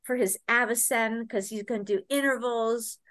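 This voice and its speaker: Bright, high-voiced woman in her 60s. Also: normal speed. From Connecticut, USA. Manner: animated, laughing, swears freely. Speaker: guest, former cycling soigneur. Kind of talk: anecdotal interview storytelling.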